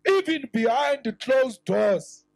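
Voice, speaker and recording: A South African politician giving an impassioned rally speech, rising to shouts and mixing in Sotho phrases. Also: male voice, extremely high pitch, big pitch swings, slow pace, gravelly, no echo, faint music behind, poor audio.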